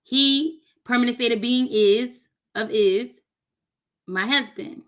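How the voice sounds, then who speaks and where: A woman's voice: fairly high pitch, slow pace, a bit bright. A woman learning a language on camera, chatting casually and joking with her viewers. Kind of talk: casual chat while doing a recorded lesson.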